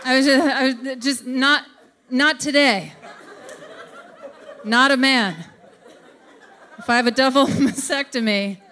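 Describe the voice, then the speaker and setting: Slow, wry woman talking through laughter. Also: a little high, sharp tone, slight background noise. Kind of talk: confessional monologue.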